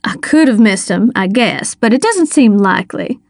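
A woman's voice: medium pitch, expressive, normal speed, gravelly, no room sound, studio quality. A woman reading an audiobook, voicing a plain-spoken female deputy. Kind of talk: audiobook character voice.

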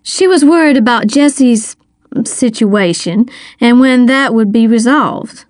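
A woman's voice: a little high, slow, no echo, studio quality. A woman reading an audiobook, voicing a wry, protective older woman. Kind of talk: audiobook character voice.

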